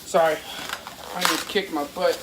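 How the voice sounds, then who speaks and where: A man with a voice on the high side talks at normal speed with a flat delivery. He's a fishing vlogger filming a laid-back cooking vlog in his parents' kitchen, rambling informally straight to the camera, with faint household sounds in the background.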